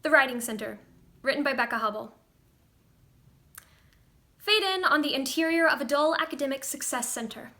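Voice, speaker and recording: Bright-voiced woman reading a screenplay. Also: sits high, normal speed, long pauses.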